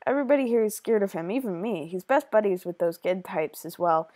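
Brief: woman voicing a warm-hearted, secretive beekeeper, mid pitch, dry close sound. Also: animated, brisk, no echo, natural voice. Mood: confiding. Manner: gentle, confiding storytelling.

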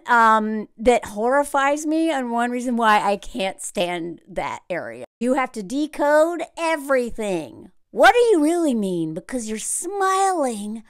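A sarcastic, animated woman, riffing on a reality show in a casual vlog. Her fairly high voice jumps all over in pitch, and the sound is close and dry. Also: clean tone, dry recording. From Southern United States. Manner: animated, sarcastic, frequent "like" fillers. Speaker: reality TV commentator.

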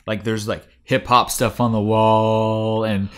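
A man's voice: on the low side, flat delivery, slow pace, smooth. A man hosting a podcast, recapping a TV show in a rambling casual chat full of fillers and restarts. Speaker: podcast host.

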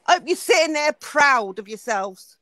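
A woman's voice: high-pitched, expressive, normal speed, bright, forceful tone, dry recording. Bitter, accusing woman. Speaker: livestream guest. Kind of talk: emotional outburst on a stream.

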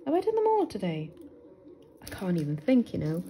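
A woman's voice: medium pitch, wildly swooping pitch, a little fast, pauses often, dark tone, poor audio. A British woman chatting to her viewers as she unboxes things, exclaiming over each find. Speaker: vlogger. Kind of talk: casual unboxing chat. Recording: rustling packaging noise.

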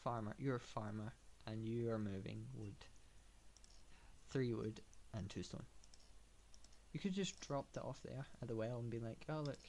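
A man talks his way through a building game in a mid-pitched voice, wandering from thought to thought with plenty of ums and hums. His remarks stay casual and laid-back, with dry, sarcastic asides. A faint hiss sits underneath. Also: moderate pace, long pauses, darkish tone. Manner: meandering, thinking aloud with many fillers. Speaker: gamer. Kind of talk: casual gameplay commentary.

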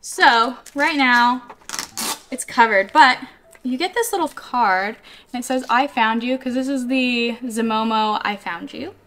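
A woman vlogger chatting excitedly to her viewers as she unboxes collectible toys, gushing and struggling with the packaging. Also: a little high, unhurried, faint music behind. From California, USA. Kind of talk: casual unboxing vlog.

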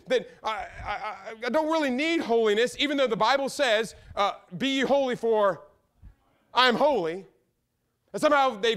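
A man preaching a sermon in a church, fervent, swinging between loud outbursts and quiet asides. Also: very high-pitched. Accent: Midwestern American. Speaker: pastor. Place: church sanctuary.

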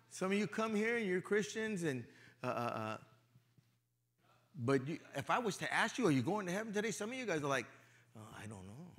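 A middle-aged male pastor giving a sermon in a casual, conversational way, with his volume swinging from loud to hushed. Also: high voice. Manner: casual, conversational, peppered with "you know".

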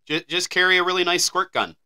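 Joking American man, very bright smooth voice. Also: sits high, quick pace. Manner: joking, offhand. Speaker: podcast co-host. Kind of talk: casual chat.

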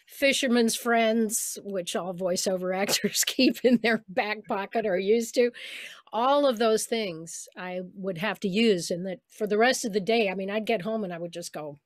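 An older woman speaking as a guest in a casual interview, looking back on her voice work in a thoughtful, storytelling way. Her voice sits at a middle pitch and sounds close and dry, with no room around it. She laughs lightly now and then as she talks. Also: dry recording. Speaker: voice actress guest.

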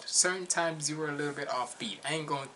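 A man with a non-native English accent hosting a casual reaction video, chatty and excitable, laughing often. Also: a little high, quick pace, a little hiss or hum.

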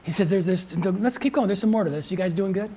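A pastor preaching a sermon in an animated way, with frequent restarts and laughing asides. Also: medium pitch, quick pace.

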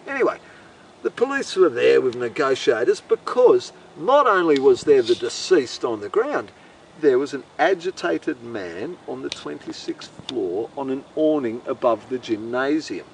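A man's voice: medium pitch, very animated, a little slow, creaky, recorded from a distance, slight background noise, poor audio. A man with an Australian accent telling a meandering, profane, incredulous comic story. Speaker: host. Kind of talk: rambling comic monologue.

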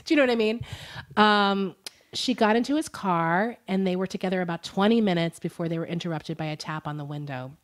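A young adult woman co-hosting a true-crime podcast in a loose, chatty way. She giggles often and reads quotes aloud, with a voice that sits a touch low. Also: fairly quick. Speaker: podcast co-host. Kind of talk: casual true-crime chat.

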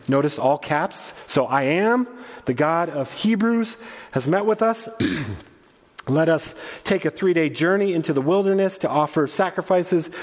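High-voiced man preaching in a reverberant hall. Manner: earnest, conversational preaching with quick restarts. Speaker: pastor. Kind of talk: sermon. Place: church sanctuary.

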